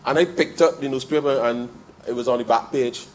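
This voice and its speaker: A man's voice: mid-range voice, a little fast, poor audio. Man debating in parliament. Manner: addresses the chair with frequent "sir", builds to emphatic rises. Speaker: member of parliament. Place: parliament chamber.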